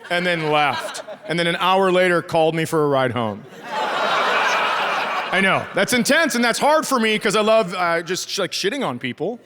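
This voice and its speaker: A middle-aged Midwestern man does sardonic, profane stand-up before a live theater audience, impersonating people from his stories. His high-pitched voice has lively intonation at a normal speed. It's recorded on a stage microphone with laughter throughout.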